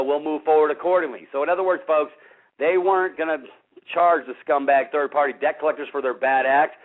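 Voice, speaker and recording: Radio host guy, blunt and fired up, keeps saying folks, sounds like a phone line. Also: a little high. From Missouri. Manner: blunt, combative, addresses "folks" often. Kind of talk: casual talk radio monologue.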